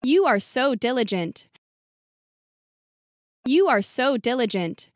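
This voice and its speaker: Slow, high-voiced woman reading English drills. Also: very animated, no echo, clean studio sound. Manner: reads each short sentence twice. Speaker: English lesson reader. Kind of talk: slow, clear sentence reading for repetition.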